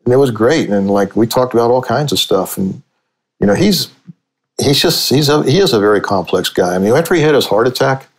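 A man's voice: mid-range voice, lively intonation, a little fast, poor audio. An older man from Cincinnati, a sportswriter and author, telling long stories in a podcast interview with many restarts. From Cincinnati, USA. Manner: rambling storyteller with frequent restarts. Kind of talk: conversational storytelling interview.

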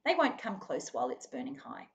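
A woman's voice: extremely low pitch, huge pitch swings, a little fast, creaky, slight background noise, pitched below the performer's own voice, heavily acted. A woman voicing a pioneer father who sounds brave and reassuring, forcing cheer.

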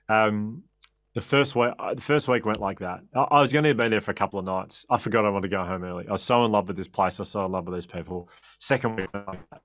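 A man with an Australian accent, a podcast guest telling anecdotes in a lively, laughing way and often correcting himself mid-sentence. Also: fairly low pitch, quick pace, no echo. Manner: lively, laughing storyteller with frequent self-corrections. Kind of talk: anecdotal interview storytelling.

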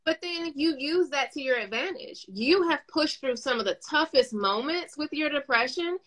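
On a rough recording, a high-voiced woman with a New York accent speaks at a moderate pace. A business owner and coach, she tells stories casually and animatedly, acting out the quotes.

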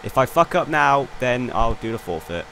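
A young man commentating on his own racing game run, excitable and quick to swear in frustration. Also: medium pitch, gravelly. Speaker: gaming YouTuber. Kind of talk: gameplay commentary. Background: faint game car engine noise.

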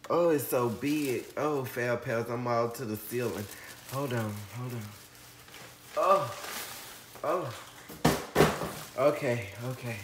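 A gushing man with a drawl hosts a casual unboxing vlog from home, calling his viewers honey and breaking into shrieks. He talks slowly and leans on his words. The room is echoey, with a faint hiss behind him. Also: medium pitch. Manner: effusive, calls viewers honey, shrieks with excitement. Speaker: orchid channel host.

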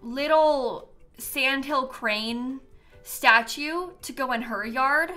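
A young adult woman chatting casually on a live stream, animated and prone to breaking into laughter. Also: high voice, slow, soft background music.

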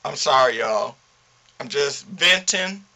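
A man ranting indignantly to his camera in a vlog, animated and full of slang. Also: medium pitch, slow pace, creaky. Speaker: vlogger.

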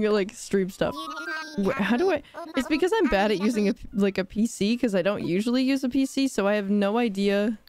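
A woman's voice: mid-range voice, a little mellow, no echo. Giggly young woman streamer chatting. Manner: bubbly, giggly, rambling, reads chat aloud. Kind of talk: casual live-stream chat.

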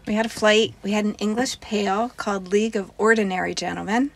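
A woman's voice: mid-range voice, steady tone, fairly quick, vocal fry. A woman co-hosting a brewery review, chatting casually and listing details in a matter-of-fact way. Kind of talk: casual chat.

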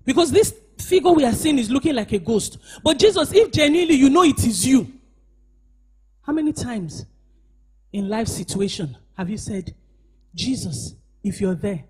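Preaching at a church service in a high-sitting voice, a woman pastor alternates shouts of emphasis with quiet asides. She keeps urging the congregation to answer back.

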